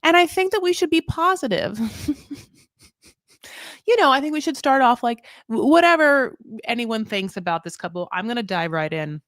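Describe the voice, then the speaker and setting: Hosting a live recap, a woman speaks at normal speed in a slightly high, somewhat bright voice with lively intonation, captured dry at studio quality. She rambles casually, using lots of fillers, going off on tangents and poking fun at herself.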